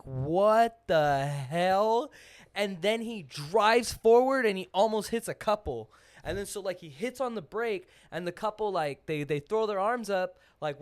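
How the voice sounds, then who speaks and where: A young man hosting a podcast, telling a story in a casual, animated way full of "like" and acted-out voices. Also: sits high. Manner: animated, full of "like", acts out voices in his stories. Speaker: podcast host.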